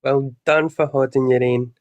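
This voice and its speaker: A man's voice: mid-range voice, steady tone, normal speed. A man on a livestream call, effusive and heartfelt as he thanks and praises the host. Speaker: livestream guest. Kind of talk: casual livestream chat.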